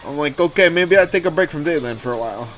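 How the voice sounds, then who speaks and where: A young man hosts a gaming livestream, chatting casually and telling animated, rambling stories laced with swearing. His voice is on the high side and fast, with faint music playing behind him.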